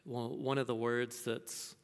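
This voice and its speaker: A man's voice: medium pitch, flat delivery, measured pace. Man lecturing in a reverberant hall. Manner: thinking aloud with many restarts and fillers. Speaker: teacher. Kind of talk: classroom lecture answering questions.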